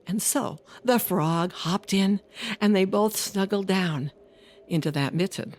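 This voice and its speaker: A woman storyteller telling a folk tale in an expressive, sing-song way with dramatic pauses. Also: mid-range voice.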